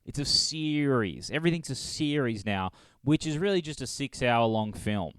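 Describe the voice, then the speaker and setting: A man's voice: mid-range voice, lively intonation, moderate pace, smooth, dry recording. A man hosting a solo comedy podcast, rambling and swearing as he laughs at his own jokes. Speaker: podcast host.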